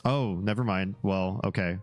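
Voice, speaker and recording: A man's voice: low voice, normal speed, no echo, faint music behind. A man hosting a casual livestream, chatting with his viewers and reacting to a web page in an easygoing, rambling way. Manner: easygoing and rambling, drifting into asides and small laughs. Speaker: livestream host.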